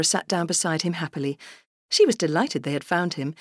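A woman narrating a children's storybook aloud in a lively, expressive way. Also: sits low, fairly quick, no room sound, studio quality. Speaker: audiobook reader.

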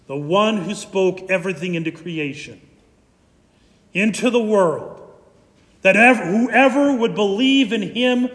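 A man preaching a sermon as pastor, animated and emphatic. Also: high-pitched, big-room sound.

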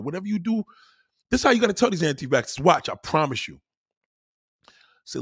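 A man's voice: fairly high pitch, big pitch swings, brisk, pauses often, fairly bright tone, breathy edge, no room sound, clean studio sound. A man ranting heatedly in a profane, repetitive monologue to his audience.

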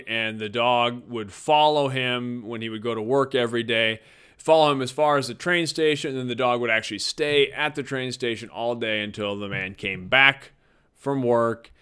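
A man's voice: medium pitch, smooth. A middle-aged man telling personal stories about his kids in a casual, reflective monologue, chuckling now and then. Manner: warm, reflective, chuckles often.

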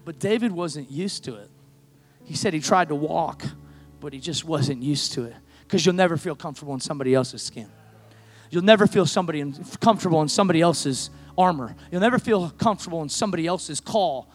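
A man preaching a sermon, moving from quiet storytelling to impassioned shouting. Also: fairly high pitch, expressive, a little fast. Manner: builds to impassioned shouting, acts out voices in quotes. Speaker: pastor.

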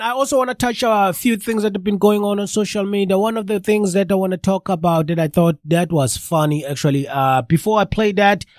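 Through clean, dry studio sound comes a man's high-sitting voice, thick and congested with a cold. As the live radio host, he keeps things chatty and addresses his listeners directly.

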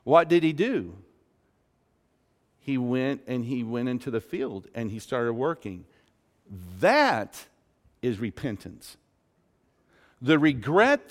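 A man preaching a sermon as pastor, slow and emphatic, asking the congregation rhetorical questions. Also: fairly high pitch, in a large hall. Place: church sanctuary.

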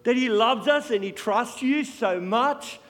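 A man preaching a sermon with passion, swinging between loud and hushed. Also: very high-pitched, unhurried. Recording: long hall reverb.

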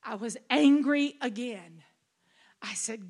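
A middle-aged woman pastor preaching a sermon, telling a personal story with rising emotion and shouting. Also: a little high, normal speed. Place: conference hall.

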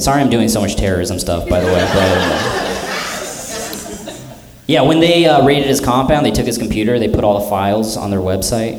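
A young man works a theater crowd with a loose, rambling stand-up set, mocking himself as he goes. His voice rings through a roomy hall. An audience laughs and claps around him. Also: mid-range voice. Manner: rambling, self-mocking, filler-heavy delivery. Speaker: stand-up comedian. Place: theater stage before a live audience.

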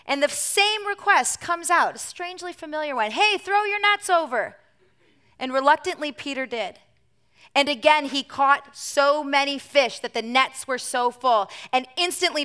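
A woman preacher giving a sermon to a congregation in church. She tells the story in an animated way, moving between emphatic lines and hushed ones. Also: sits high.

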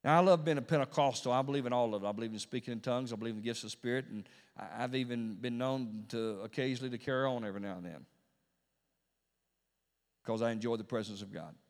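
A man's voice: medium pitch, quick pace. Preaching man in a reverberant hall. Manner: preaching with wide swings between hushed and loud; repeats phrases for emphasis. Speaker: pastor. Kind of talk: Pentecostal sermon. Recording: long reverb of a large hall.

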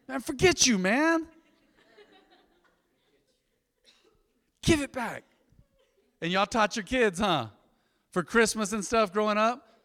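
A male pastor tells stories from the pulpit in a folksy, talkative way. His voice sits a bit high and swings between hushed asides and loud outbursts. A long reverb from the church hall trails every phrase. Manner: folksy storytelling with sudden loud bursts and soft asides. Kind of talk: sermon. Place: church sanctuary.

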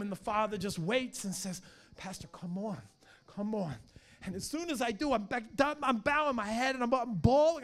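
Gravelly high-voiced preaching man. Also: moderate pace. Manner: animated preaching, swings from hushed to shouting. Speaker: pastor. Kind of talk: fiery sermon.

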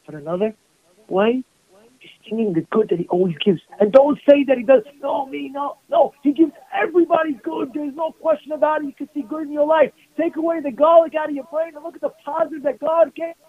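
A man's voice: very high voice, brisk. A rabbi giving a passionate sermon, mixing Hebrew terms into his preaching. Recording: tinny phone-like radio broadcast.

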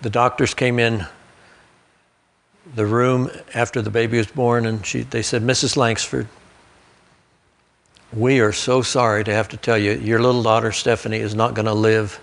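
A male pastor preaches a sermon in a church sanctuary, telling folksy personal stories with asides and occasional restarts. His medium-pitched voice is flat, with vocal fry, at a normal speed with frequent pauses.

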